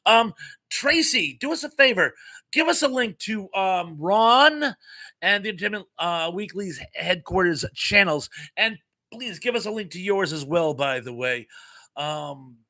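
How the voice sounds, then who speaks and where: A middle-aged American man hosting a live chat stream. He has a bright voice pitched a little above the usual for a man, and he reads viewers' comments aloud in a chatty, jokey way. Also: expressive, a little slow. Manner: chatty and jokey, laughing often.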